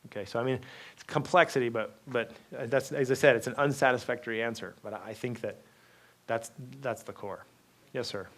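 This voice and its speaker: A man giving a university talk, telling stories lively with frequent asides, restarts and "okay?" check-ins to the audience. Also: mid-range voice, a little fast. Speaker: guest speaker. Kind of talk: university lecture.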